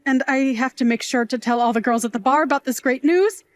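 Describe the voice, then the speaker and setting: High-voiced fussy night-shift aunt, all drama and gushing, woman acting it, dry close sound. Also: a little fast, no room sound, close to an everyday voice. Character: glamorous middle-aged aunt who works nights at a bar, doting, theatrical.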